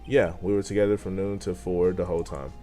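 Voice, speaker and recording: A man reading aloud the lines of an awkward, nerdy male TV director from a video game, in a quick, mumbling delivery. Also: low-pitched, flat delivery, mellow, faint music behind, close to an everyday voice. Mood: offhand.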